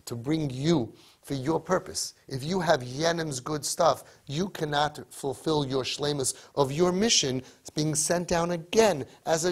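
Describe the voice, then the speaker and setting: A man giving a storytelling sermon, emphatic and full of rhetorical questions. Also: on the high side. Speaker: religious speaker.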